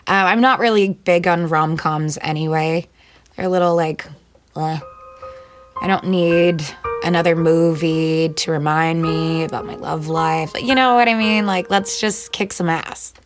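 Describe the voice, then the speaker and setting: A woman, a singer and actor, answering interview questions in a chatty, playful way and firing off quick one-word replies. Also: lowish voice, soft background music.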